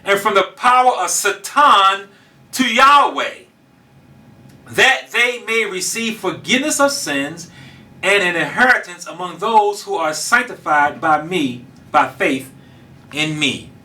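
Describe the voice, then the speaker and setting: High bright fervent male preacher. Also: animated, slow pace. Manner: fervent, rising to loud emphatic preaching; casual colloquial speech, addresses audience directly. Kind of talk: sermon.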